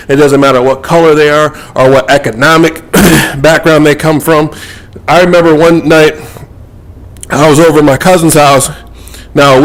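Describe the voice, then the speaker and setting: A man's voice: on the high side, low-quality recording. A man talking to camera about his work as a metaphysical mentor, in a casual monologue that rambles and repeats words as he thinks.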